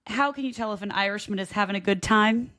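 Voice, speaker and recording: A woman's voice: mid-range voice, fast talker, a bit bright, no room sound. A woman co-hosting a podcast in easy banter, cracking puns and giggling at them. Her voice sits mid-range and comes through close and dry, with no room sound around it. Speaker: podcast co-host. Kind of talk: casual chat.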